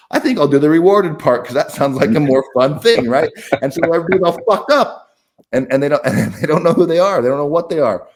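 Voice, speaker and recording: A middle-aged man with a fairly high, expressive voice and a darkish tone talks fairly quickly as a podcast guest. He tells stories candidly in a blunt, profane, conversational way, often restarting his sentences.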